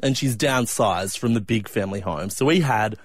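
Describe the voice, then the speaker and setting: A man's voice: on the low side, moderate pace, dry recording, studio quality. A man co-hosting a casual radio show, reminiscing and laughing easily. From Australia. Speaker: radio co-host. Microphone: studio microphone.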